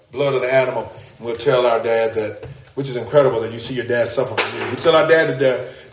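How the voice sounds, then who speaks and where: A man preaching a sermon in an animated way, often rising high for emphasis and repeating his words. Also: roomy sound.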